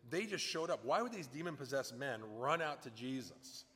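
A man's voice: medium pitch, expressive, normal speed, fairly bright tone, big-room sound. A man preaching a sermon in a conversational way, often acting out the voices of people in his stories. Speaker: pastor.

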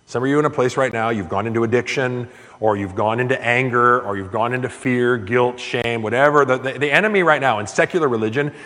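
Male pastor, mid-pitched voice, preaching with earnest build-ups, long hall reverb. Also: a little fast. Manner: earnest, surges louder and higher on key points. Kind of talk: sermon.

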